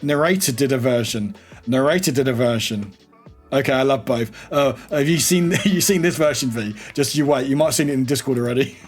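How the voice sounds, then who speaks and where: A man chatting casually to viewers on a live stream, excitable and quick to break into laughter. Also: medium pitch, slightly rough, soft background music.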